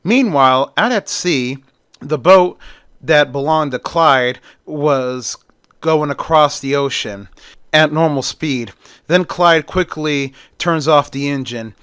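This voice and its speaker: A man's voice: fairly high pitch, takes it slowly, fairly bright tone, smooth, dry recording, clean studio sound. A man casually retelling a film plot as a storyteller, in a plain, conversational way that keeps repeating "and then".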